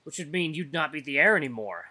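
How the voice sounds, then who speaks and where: A man's voice: on the high side, animated, fast talker, bright, forceful tone, heavily acted. A man voicing a playful human traveler as he reads a visual novel aloud, with a wry, teasing delivery. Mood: concerned. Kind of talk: voiced visual novel reading.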